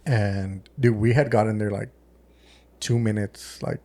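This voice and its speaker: Low, mellow West Texas man telling a story. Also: steady tone, a little slow. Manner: swears often, acts out quotes with many "like" and "dude". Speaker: podcast co-host, former deputy. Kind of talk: casual storytelling chat.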